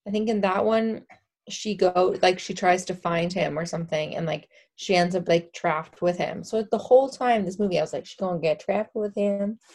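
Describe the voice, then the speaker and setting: A woman from the Southern United States chatting about a film in a relaxed, rambling way with many fillers. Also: on the low side, moderate pace. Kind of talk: casual film discussion.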